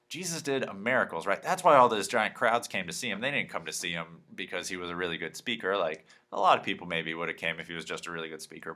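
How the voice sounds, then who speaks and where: Guy with a deep voice doing a laid-back bible talk, keeps saying right? and like. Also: pushed and bright. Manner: conversational, uses "like" and "right?" often. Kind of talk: casual Bible teaching.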